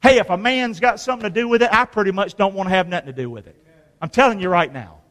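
A man preaches a sermon in a church, his voice high and bright. He pulls the congregation into call-and-response, dropping to near whispers and then rising to shouts. The sound rings with long reverb from the hall. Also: fast. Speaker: pastor.

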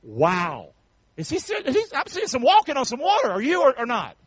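A man preaches a sermon in a high, bright-pitched voice. He calls out to the congregation for answers and swells into shouts. The sound is dry and close. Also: huge pitch swings, normal speed, husky, no echo, rough recording. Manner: preachy call-and-response, rising to shouts. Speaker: pastor.

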